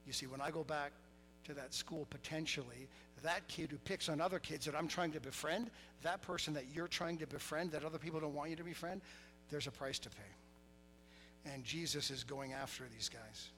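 A middle-aged man preaching a sermon, telling stories with lively quoted voices and laughter. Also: fairly high pitch, normal speed, slight background noise, rough recording. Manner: animated storytelling, laughing, voicing quotes. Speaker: pastor.

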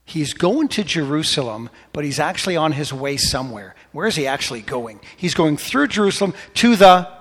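A man preaching a sermon, questioning his congregation, rising to animated emphasis and dropping to soft prayerful tones. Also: on the high side, fairly quick, few pauses, breathy edge, long reverb tail. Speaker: pastor.

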